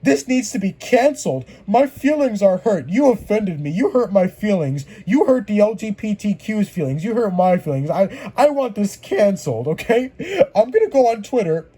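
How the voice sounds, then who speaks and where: A man's voice: sits high, very animated, normal speed, warm tone, slightly rough, heavily acted. A man putting on the voice of a whiny, easily offended young complainer, whining and stammering in mockery. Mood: whiny mocking. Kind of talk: mocking impression in a video rant.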